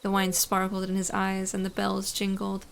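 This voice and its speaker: A woman's voice: mid-range voice, completely flat delivery, moderate pace, creaky, a little hiss or hum. A woman giving a casual late-night reading of a story aloud, irreverent, reading on with loose asides. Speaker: reader of a story.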